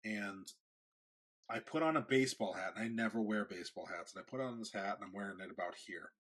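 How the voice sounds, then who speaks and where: Husky bright-voiced man telling a story. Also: fairly low pitch, a little fast. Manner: animated storyteller, acts out quotes. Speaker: podcast host. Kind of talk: casual storytelling chat.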